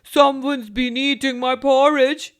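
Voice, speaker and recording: A woman with an Indian English accent voicing a big gruff father bear who speaks in a loud, booming way. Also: steady tone, slow pace. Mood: stern.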